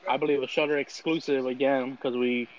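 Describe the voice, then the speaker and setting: A man's voice: mid-range voice, little pitch movement, a little fast, dull audio. A man co-hosting a podcast in casual chat, laid-back and loose as he runs through the episode. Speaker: podcast co-host.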